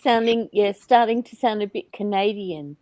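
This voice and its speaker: A woman's voice: medium pitch, normal speed, darkish tone, no echo. An Australian woman co-hosting a craft chat, chatty and laughing often as she reads out viewer comments. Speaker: craft show co-host. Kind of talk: casual chat while crafting.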